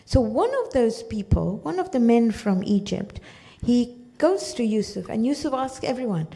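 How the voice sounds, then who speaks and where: A woman's voice: on the high side, expressive, normal speed, dark tone. A woman teaching a religious study class, explaining verses through storytelling and often checking in with her listeners.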